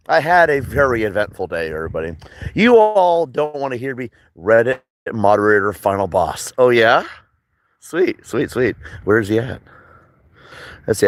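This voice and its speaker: A man's voice: lowish voice, poor audio. A man in his thirties from Michigan, streaming live and chatting loosely with viewers. He rambles, jokes sarcastically and swears freely. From Michigan, United States. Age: 30s. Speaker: livestreamer. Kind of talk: casual livestream chat, reading viewer comments.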